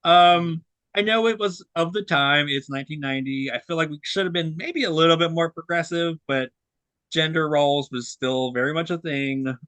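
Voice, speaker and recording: A man's voice: fairly high pitch, normal speed, a bit bright, smooth, no echo. A young adult man co-hosting a film review podcast, talking casually and rambling with lots of fillers and restarts. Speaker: co-host reviewing film releases.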